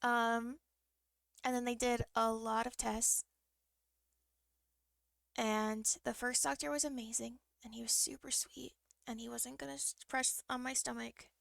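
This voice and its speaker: A woman's voice: on the high side, level tone, a little slow, gravelly, fairly bright tone, no room sound, clean studio sound. A young woman streamer telling a story in a casual, rambling way, full of fillers and restarts and vivid, emotional retelling.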